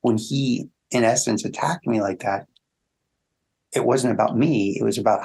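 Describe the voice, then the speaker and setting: A man's voice: normal speed, creaky, husky. A man speaking as a relationship coach in an interview, telling stories animatedly and acting out quoted thoughts. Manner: animated storyteller, acts out quoted thoughts in a higher voice. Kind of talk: conversational interview.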